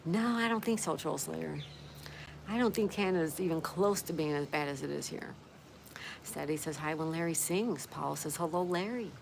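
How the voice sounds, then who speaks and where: A woman's voice: low voice, normal speed, creaky. A woman hosting a casual livestream, reading viewer comments aloud and greeting each viewer by name in a friendly way. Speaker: livestream host. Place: outdoors. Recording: steady outdoor background noise.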